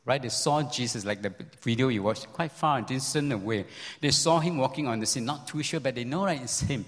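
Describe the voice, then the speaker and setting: Animated male pastor in a reverberant hall. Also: brisk. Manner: animated storytelling with many repeats and pitch swings. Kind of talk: sermon.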